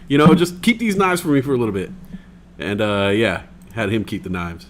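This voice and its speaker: A man's voice: medium pitch, quick pace, a little hiss or hum. A young man co-hosting a livestream, telling stories in casual chat, swearing freely and acting out the voices of people he quotes. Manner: animated, swears often, acts out quoted voices. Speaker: stream co-host.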